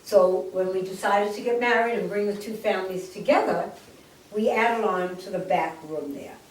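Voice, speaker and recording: A woman in her eighties telling her life story to a live audience, lively and jokey, acting out quotes. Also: medium pitch, normal speed, slight background noise. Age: 80s. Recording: echoey room, distant mic.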